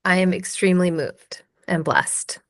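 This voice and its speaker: A woman actress being interviewed, telling stories in a peppy, animated way with lots of quoted asides. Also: on the low side, measured pace, no echo, clean studio sound. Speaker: actress and voice actor, guest. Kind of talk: casual interview chat.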